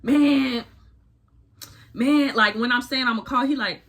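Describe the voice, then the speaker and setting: A woman's voice: sits high, fairly bright tone, pitched above the performer's own voice. Woman putting on a whiny defensive boyfriend. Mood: agitated. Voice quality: deliberately dumb-sounding, whining. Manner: agitated, repeats himself.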